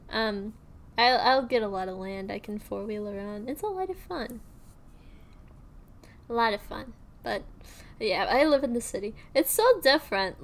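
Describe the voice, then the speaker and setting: A young woman streaming, chatting casually and rambling with lots of fillers and restarts. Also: fairly high pitch.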